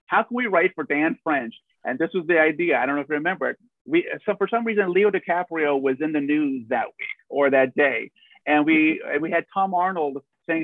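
A man hosting a casual interview, chatty and reminiscing, quick to laugh. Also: on the high side, dry recording. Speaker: podcast host. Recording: tinny phone-like line.

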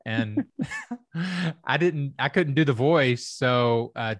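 A man's voice: mid-range voice, lively intonation, very slow, no room sound, studio quality. A middle-aged man from Kentucky, a comedy writer and stand-up comic, telling stories in a casual, rambling way with many fillers. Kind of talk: casual storytelling chat.

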